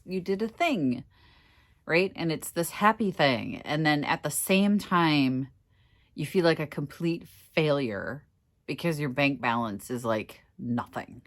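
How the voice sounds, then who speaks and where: A middle-aged woman from Minnesota chats to her vlog viewers in a low voice that rises and falls a lot. She is tearful and emotional, and keeps laughing through her tears. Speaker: vlogger. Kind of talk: casual personal vlog.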